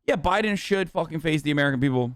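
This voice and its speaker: A man's voice: a little high, expressive, quick pace, a bit bright, clean tone, no echo, studio quality. A young man commenting on political news as a streamer, heated and sarcastic, swearing constantly.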